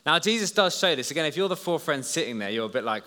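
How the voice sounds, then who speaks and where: A man preaching a lively story sermon to a congregation, addressing them directly and drawing them into the scene. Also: on the high side, fast talker. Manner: lively, storytelling, talks to listeners as "you". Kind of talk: children's talk sermon. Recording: long hall reverb.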